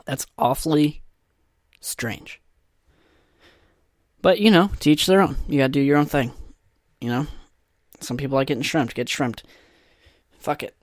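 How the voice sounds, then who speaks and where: A young man talks alone into a podcast microphone, rambling loosely and cracking crude, self-deprecating jokes. His voice sits at an ordinary middle pitch. The sound is dry and close, with no room around it. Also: measured pace, long pauses, no room sound. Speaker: podcast host. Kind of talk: solo casual podcast monologue.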